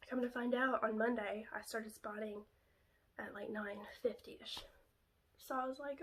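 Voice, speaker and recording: A young woman with a slightly high voice tells a personal story straight to camera. She talks in a chatty, confiding way, full of fillers, and now and then drops to a near whisper. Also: fairly even intonation, unhurried, fairly bright tone, a little hiss or hum. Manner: chatty, many fillers like "like" and "you know". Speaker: vlogger.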